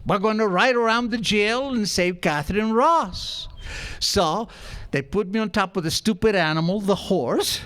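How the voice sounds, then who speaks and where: High-voiced man telling a comic story. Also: unhurried. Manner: animated, comic, acts out scenes with gestures and sound effects; self-mocking. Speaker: recovery meeting speaker. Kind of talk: comic storytelling talk to an audience.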